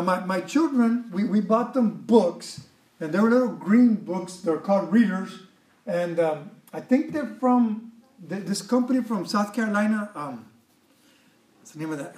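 High-voiced preacher in an echoey room. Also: male voice, a little mellow, far from the mic. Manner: conversational preaching with repeated words and asides. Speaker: pastor. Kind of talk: sermon.

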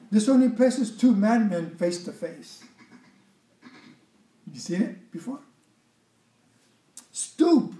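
A man with a high voice preaches a sermon in a chatty, conversational way, stumbling over and repeating words as he talks to his listeners. He is heard from some way off the mic, in a room with plenty of echo. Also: darkish tone, recorded from a distance. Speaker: pastor.

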